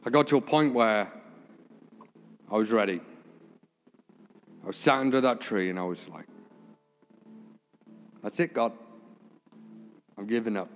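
Man preaching in a reverberant hall. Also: medium pitch. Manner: informal, jokey asides, then earnest and emotional. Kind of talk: sermon with personal story. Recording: reverberant church hall with faint music.

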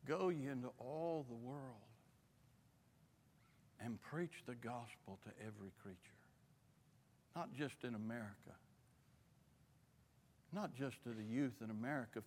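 A man preaching a missionary sermon, impassioned and rising to shouts, in a church. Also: on the high side. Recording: long hall reverb.

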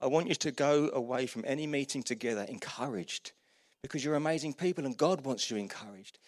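A man's voice: mid-range voice, fairly quick, no echo, studio quality. A middle-aged man, a pastor preaching a sermon and acting out short everyday dialogues. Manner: animated preaching, acts out little dialogues.

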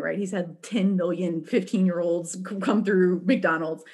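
A woman telling a story in casual chat, animated and laughing often, with frequent restarts. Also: medium pitch, moderate pace, hardly any pauses.

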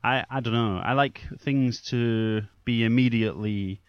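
In his own solo podcast, a young man chats casually and rambles, making fun of himself and swearing every so often. He has a mid-range, clean-toned voice and speaks a little slowly. It's a dull, lo-fi, dry recording with no echo.

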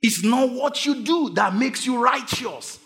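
A man's voice: extremely high pitch, animated, a little slow. Man preaching in a reverberant hall. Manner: call-and-response preaching, urging the congregation to shout. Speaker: pastor. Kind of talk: sermon.

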